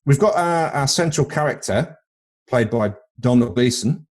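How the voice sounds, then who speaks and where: A man's voice: medium pitch, lively intonation, normal speed. A man with a British accent co-hosting a casual film podcast, joking and tripping over repeated words as he thinks. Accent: British English. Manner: jokey, rambling, repeats words while thinking. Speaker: podcast co-host.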